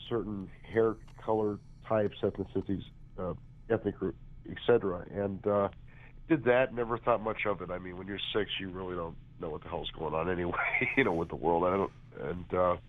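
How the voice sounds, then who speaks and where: A man in his forties from California, congested and a bit hoarse, chatting as a guest with lots of restarts over the phone. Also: on the low side. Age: 40s. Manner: chatty, rambling with many restarts. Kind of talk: phone interview. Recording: tinny phone line.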